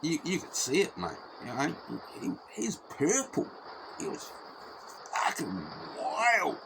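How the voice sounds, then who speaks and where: A man's voice: on the high side, wildly swooping pitch, slow, creaky, noisy background. A middle-aged man with a New Zealand accent telling a personal story casually, swearing freely and repeating himself as he goes.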